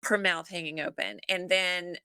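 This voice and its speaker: Middle-aged woman guest, low-ish voice, dry close sound, lively storyteller. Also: normal speed, clear, resonant tone, no echo. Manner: animated storyteller who acts out family dialogue. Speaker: podcast guest. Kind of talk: casual storytelling in conversation.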